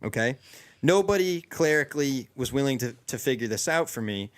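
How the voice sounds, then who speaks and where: A young man tells a long story to his friends in a loose, rambling way, circling back with fillers and restarts. His voice sits in an ordinary middle pitch, and the delivery feels casual and chatty. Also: lively intonation, moderate pace. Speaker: podcast co-host.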